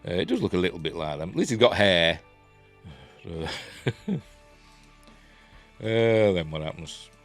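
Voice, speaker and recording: A man's voice: low voice, expressive, unhurried, pauses often, faint music behind. A man with a Yorkshire accent reviewing a TV episode in a rambling, casual way, full of fillers.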